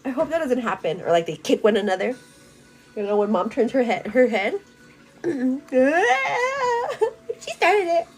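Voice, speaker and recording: Animated and fairly quick, with a medium-pitched, slightly mellow voice, a beauty vlogger from a Mexican-American family chats while getting ready at home. She's bubbly, laughs often, and uses Spanish words, and faint music sits behind the low-quality recording.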